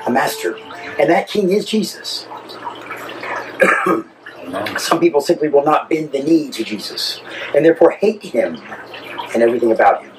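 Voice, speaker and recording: A man's voice: medium pitch, slight background noise, rough recording. A man preaching a sermon as pastor, telling stories with emphasis. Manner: animated storytelling preacher, emphatic.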